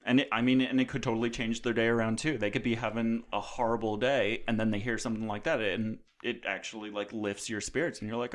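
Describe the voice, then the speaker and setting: A man with a lowish voice hosts a relaxed podcast conversation. He rambles along, restarting sentences and leaning on fillers as he tells his stories. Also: quick pace, few pauses. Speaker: podcast host. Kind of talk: casual podcast chat.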